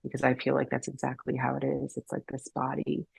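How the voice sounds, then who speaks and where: Woman guest sharing her life story, earnest, searches for words, husky voice. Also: very deep voice, monotone, a little fast, no echo, low-quality recording. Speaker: podcast guest, holistic healer. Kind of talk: heartfelt personal story in a podcast interview.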